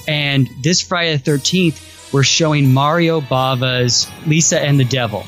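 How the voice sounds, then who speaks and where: An enthusiastic man co-hosts a casual film podcast with an easygoing delivery. His voice sits slightly high, and he often restarts a phrase mid-thought. Soft music plays faintly underneath. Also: unhurried. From Austin, Texas. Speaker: podcast co-host. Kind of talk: casual movie podcast chat.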